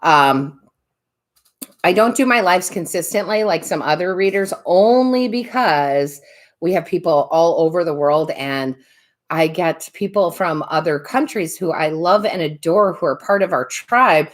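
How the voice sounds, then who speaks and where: A woman's voice: on the low side, expressive, unhurried. A woman hosting a live tarot stream, chatting casually, laughing often and greeting viewers by name.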